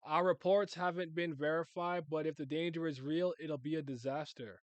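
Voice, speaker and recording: A man's voice: fairly high pitch, fairly even intonation, normal speed, dry recording, close to an everyday voice. A man reading a worried navy commander. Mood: urgent. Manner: urgent, pleading. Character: urgent male navy commander, pressing and worried.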